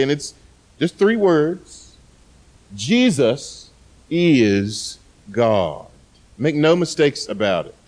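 A man preaching a sermon in a loud, emphatic voice, often repeating words and pausing for effect. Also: medium pitch. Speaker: pastor.

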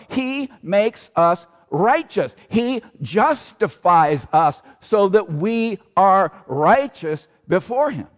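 A man's voice: high-pitched, sing-song, slow pace, hardly any pauses. A man preaching a sermon as pastor, emphatic, asking rhetorical questions and repeating key phrases. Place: church sanctuary. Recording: long church reverb.

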